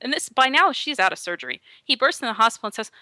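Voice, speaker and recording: A woman telling an anecdote on a podcast, animated as she acts out the quotes. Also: on the high side, fast, dry recording. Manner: animated storytelling, acting out quotes. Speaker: podcast guest storyteller.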